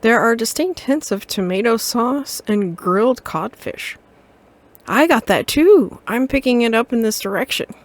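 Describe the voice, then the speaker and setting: A woman's voice: a little high, animated, a little slow. A woman voicing a polite, composed male detective in a video game. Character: calm male cat detective from far away.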